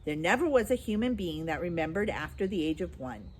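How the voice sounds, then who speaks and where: A woman's voice: on the low side, big pitch swings, a little fast, husky. Lady reading as a smug mocking starling bird, knowing and cheeky, storybook voice. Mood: jeering. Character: cheeky jeering male starling.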